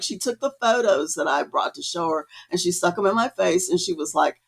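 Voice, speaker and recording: A woman's voice: lowish voice, expressive, fairly quick, vocal fry, hardly any pauses, breathy edge. A woman artist, a podcast guest, telling her story in a casual, chatty way with many fillers. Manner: chatty, many fillers, acts out quoted dialogue.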